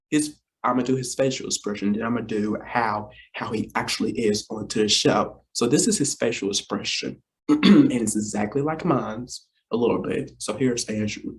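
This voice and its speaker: Casting: young man in his twenties, unhurried delivery, playful rambling vlogger tone, keeps addressing the viewers. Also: medium pitch, animated. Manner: rambling, repeats himself, often addresses "you guys"; playful, teasing then apologetic. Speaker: vlogger and talk show co-host. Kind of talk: casual talk to camera.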